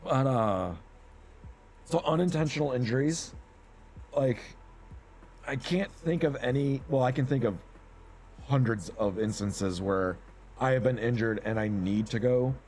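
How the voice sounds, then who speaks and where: A man's voice: medium pitch, measured pace, pauses often, a little mellow, a little hiss or hum. A man co-hosting a podcast, telling stories in a rambling, casual way and laughing often. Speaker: podcast co-host. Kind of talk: casual chat.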